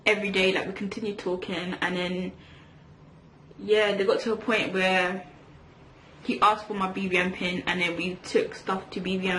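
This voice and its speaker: A woman's voice: medium pitch, fairly bright tone. Chatty young woman, echoey room. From England. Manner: chatty, rambling, lots of fillers and restarts. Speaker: vlogger. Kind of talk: storytime chat while doing makeup. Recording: echoey room with faint hiss.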